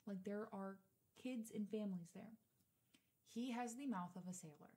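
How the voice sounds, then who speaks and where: A woman's voice: mid-range voice, normal speed, warm tone. A young woman in her twenties, co-hosting a podcast, telling a story in casual chat, swearing freely and acting out the quotes. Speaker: podcast co-host.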